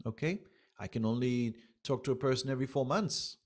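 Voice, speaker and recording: A man teaching astrology in a lively lecture, acting out quoted voices and repeating his points. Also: medium pitch, fairly quick.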